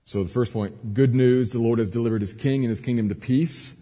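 A man preaching a sermon as a pastor, moving between quiet earnest teaching and raised, emphatic cries. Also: mid-range voice, fairly even intonation, a little fast. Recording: long hall reverb.

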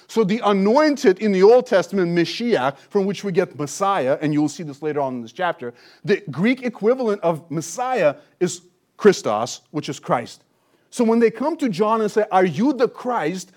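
A man's voice: high-pitched, darkish tone. A man preaching an expository sermon, teaching with emphasis and rhetorical questions. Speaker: pastor.

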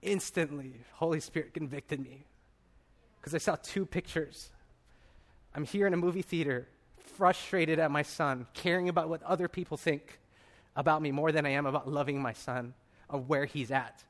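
A thirtysomething pastor tells a personal story in his sermon at a normal speed, his voice a little high. He delivers it animatedly, acting out the voices.

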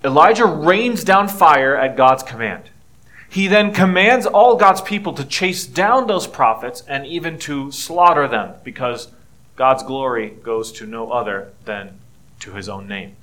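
A middle-aged man preaching a sermon in an earnest, conversational way, building to emphatic peaks and dropping to quiet, tender passages. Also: mid-range voice, animated, a little slow. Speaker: pastor.

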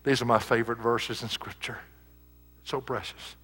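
A man's voice: mid-range voice, fairly even intonation, moderate pace, a bit bright, husky. Man preaching in a reverberant hall. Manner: preaching with rising emphasis on scripture. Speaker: pastor. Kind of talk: sermon.

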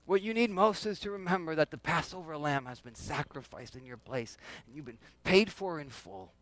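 A man's voice: fairly high pitch, lively intonation, normal speed, fairly bright tone, dry recording. A man preaching a conversational sermon, often asking the congregation questions and repeating himself. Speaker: pastor.

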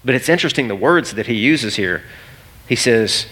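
A man's voice: medium pitch, fairly quick. A man in his thirties preaching a sermon, telling a story and acting out the voices in it. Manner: animated storytelling, acts out voices. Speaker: pastor.

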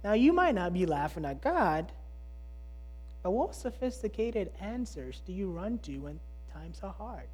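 A preacher delivering a sermon, emphatic and full of rhetorical questions, swinging between loud and hushed delivery. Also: mid-range voice, sing-song, unhurried, a little hiss or hum.

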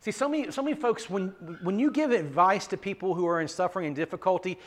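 A male pastor preaching a sermon in an earnest way, often repeating words and moving between loud emphasis and quiet asides. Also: high voice, fast.

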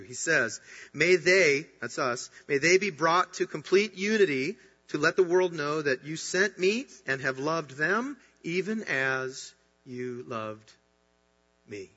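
A man preaching an earnest, emphatic sermon as a pastor. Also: fairly high pitch. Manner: earnest, emphatic preaching with rising bursts of excitement. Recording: dull sound with long hall reverb.

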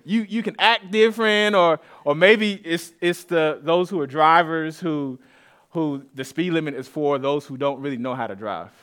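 A man from east Austin preaching a sermon to his congregation, telling stories in a relaxed, conversational way with asides. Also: fairly high pitch, normal speed, smooth. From east Austin, Texas. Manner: conversational, storytelling, with asides and laughs. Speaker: pastor. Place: church sanctuary.

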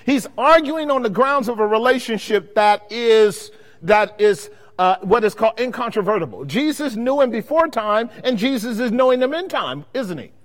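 A man's voice: very high voice, animated, normal speed. A man teaching a Bible study sermon-style, quizzing his congregation with call-and-response questions. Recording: long hall reverb.

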